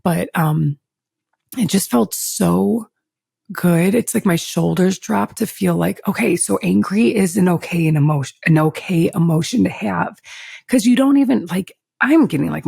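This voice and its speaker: A woman's voice: on the low side, vocal fry, warm tone, husky, no room sound, studio quality. A woman co-hosting a podcast, talking candidly and emotionally about her own life, swearing freely, at times tearful. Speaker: podcast co-host. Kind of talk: casual chat.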